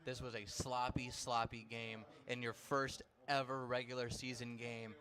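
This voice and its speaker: A man's voice: mid-range voice, level tone, a little slow, pushed and bright. A man giving earnest, emphatic analysis as color commentator on a live football game.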